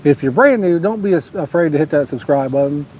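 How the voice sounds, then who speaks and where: This fishing livestreamer's voice is on the high side, expressive and darkish, and he talks fairly quickly with a little hiss or hum in the audio. Broadcasting from a lake at night as a storm brews nearby, he drawls casually, reads comments, and asks viewers to like and subscribe.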